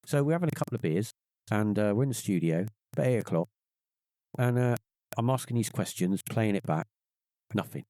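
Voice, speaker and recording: In casual storytelling as a podcast guest, a middle-aged man speaks fairly quickly but pauses often. He's animated, acting out quoted voices at a higher pitch as he tells his personal tale, with no echo in the recording.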